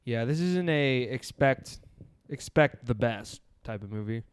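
Smooth-voiced man hosting a casual podcast. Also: mid-range voice, expressive, unhurried. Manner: loose, rambling, self-deprecating. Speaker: podcast host.

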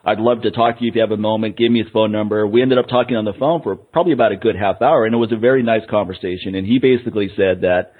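A man's voice: lowish voice, husky. A man hosting a podcast, talking candidly about his frustration in a casual conversation. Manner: fast, candid, frustrated venting. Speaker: podcast host. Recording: phone-like line.

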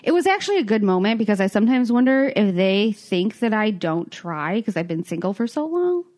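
Speaking a little fast at medium pitch, this young woman is a podcast co-host spinning a story in relaxed conversation. She's lively, breaks into laughter frequently, and performs the quotes of the people involved.

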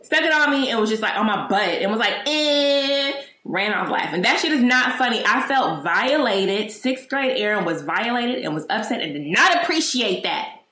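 A woman's voice: mid-range voice, sing-song, a little fast, few pauses, pushed and bright. A woman hosting her own podcast, telling a personal story in casual chat, acting out remembered dialogue and swearing freely. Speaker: podcast host. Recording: echoey room.

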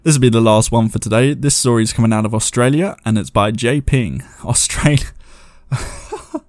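A man's voice: mid-range voice, fast talker, darkish tone, no echo, clean studio sound. A man hosting a show, chatting loosely and reading viewer ghost stories aloud, laughing at himself as he goes. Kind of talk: casual commentary and reading aloud.

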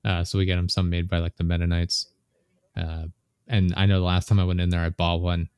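A man's voice: sits low, flat delivery, fairly quick, a little mellow, clean tone, dry recording, clean studio sound. A young man, a podcast guest, chatting casually and telling rambling anecdotes with chuckles.

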